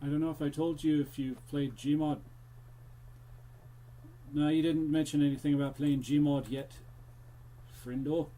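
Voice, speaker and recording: This young man streams a horror game live, chatting casually with viewers as he plays and slipping into a jokey pirate-ish accent. His voice is fairly high and mellow, with a flat delivery and an unhurried pace full of pauses.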